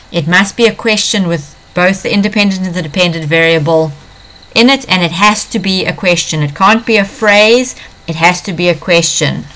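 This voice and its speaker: Woman science teacher, slightly low voice, patient walkthrough of an exam paper, repeats key points. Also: a bit bright. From South Africa.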